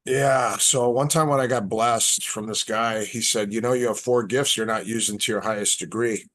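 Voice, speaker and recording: A man's voice: on the low side, normal speed. A man in casual podcast chat, telling stories and acting out the dialogue. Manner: relaxed storyteller, acts out quoted dialogue. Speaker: podcast guest.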